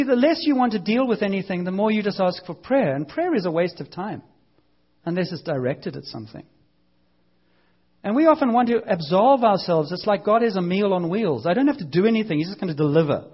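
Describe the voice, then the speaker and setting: A man preaching a lively, conversational sermon, acting out voices and now and then shouting. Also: high-pitched, husky, highs cut off.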